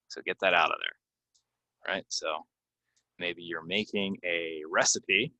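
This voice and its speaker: Low bright-voiced teacher. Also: male voice, no room sound. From United States. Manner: slow, stressed model pronunciations with many ums. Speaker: English pronunciation teacher. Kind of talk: casual spoken lesson to learners.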